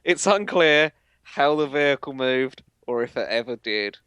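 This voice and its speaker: A man's voice: medium pitch, expressive, normal speed, a bit bright, smooth, no room sound. A man co-hosting a casual comedy podcast, reading out news stories with dry jokes. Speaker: podcast co-host.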